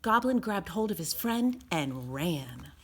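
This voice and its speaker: A woman reading a children's picture book aloud as a storyteller, expressive and sing-song. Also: on the low side, slow pace, slightly rough.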